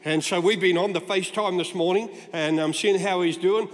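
High-voiced older man preaching in a hall. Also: steady tone, fairly quick, hardly any pauses. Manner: conversational, playful storytelling. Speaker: guest preacher. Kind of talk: sermon. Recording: long hall reverb.

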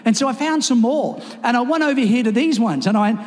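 Animated high-voiced man preaching in a church. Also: fairly quick. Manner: animated, acts out his stories with rising pitch. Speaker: pastor. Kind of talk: sermon with storytelling. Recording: reverberant church hall with music.

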